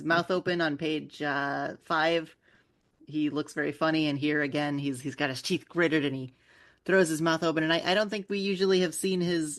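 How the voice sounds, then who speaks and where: A woman's voice: sits low, fairly bright tone. Playful woman recapping manga. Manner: playful, acts out characters' lines while summarizing. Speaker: podcast co-host. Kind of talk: casual chat recapping manga chapters.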